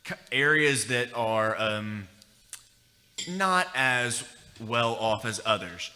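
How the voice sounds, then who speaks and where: A man joins a casual podcast chat, halting with fillers. His voice is very bright and sharp, and it rings with a long reverb over a faint hiss. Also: mid-range voice, animated. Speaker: podcast co-host. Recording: roomy reverb with faint noise.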